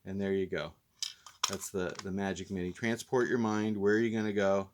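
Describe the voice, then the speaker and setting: A man with a somewhat low voice rambles through a casual vlog review. He is mildly stoned and talks in a loose, laid-back, self-deprecating way as he wanders from one thought to the next. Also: flat delivery, moderate pace, background noise. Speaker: host and reviewer.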